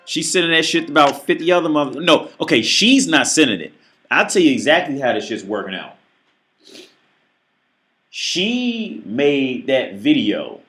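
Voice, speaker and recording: A man's voice: a little high, big pitch swings, moderate pace, fairly bright tone. A man ranting through a reaction video commentary, profane and emphatic, often stammering and restarting his sentences.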